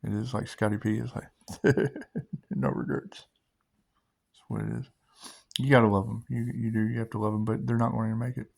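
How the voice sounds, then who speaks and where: A man hosting a loose, repetitive spiritual monologue, laughing often and swearing, sometimes dropping to a hushed guiding tone. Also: fairly low pitch, lively intonation, fast, vocal fry. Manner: drops to a hushed guiding tone for meditation cues. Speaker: spiritual video host.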